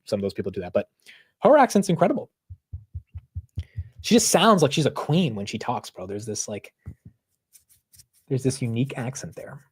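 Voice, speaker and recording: Casual young man hosting a market stream. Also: on the high side. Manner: animated, rambling, says "bro" and "dude" often. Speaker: stock market livestream host. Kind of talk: casual livestream chat.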